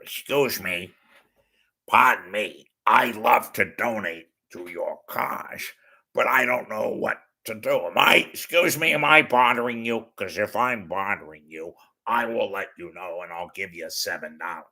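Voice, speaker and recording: A man's voice: lowish voice, unhurried, gravelly, sharp tone, heavily acted. A man voicing a polite, rumpled male TV detective who apologizes and interrupts himself. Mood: apologetic.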